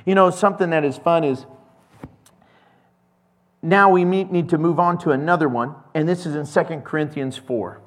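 A man preaching a casual, conversational sermon as pastor, acting out little scenes with quick voices. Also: fairly high pitch.

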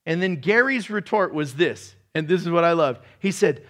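Animated high-voiced male preacher. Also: normal speed, few pauses. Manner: energetic, animated preaching with shouts and laughs. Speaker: pastor. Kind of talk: sermon. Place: church room with congregation.

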